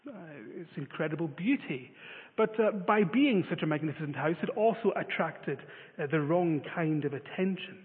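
A man's voice: on the high side, lively intonation, normal speed. A man preaching a sermon, telling a story with many filler uhs. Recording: phone-like reverberant sound.

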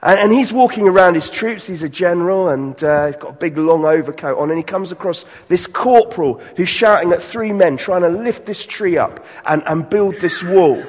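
A pastor giving an earnest sermon, slowing and softening on key lines. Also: male voice, sits high, breathy edge, long reverb tail.

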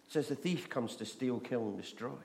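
A man's voice: medium pitch, a little fast, vocal fry, darkish tone, slight background noise. A man from Scotland, preaching a chatty sermon full of stories and questions to the audience. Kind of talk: sermon with humorous storytelling.

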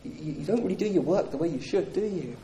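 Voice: medium pitch, lively intonation, quick pace, dark tone, a little hiss or hum, lightly acted. A preacher putting on the taunting, nagging voice of a sneering male devil who accuses the listener, in a roomy echoing hall.

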